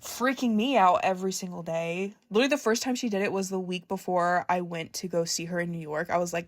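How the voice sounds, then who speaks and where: A young woman telling a casual storytime, excitable and profane, gushing and laughing often. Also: on the low side, fast, few pauses, dry recording, studio quality. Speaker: vlogger.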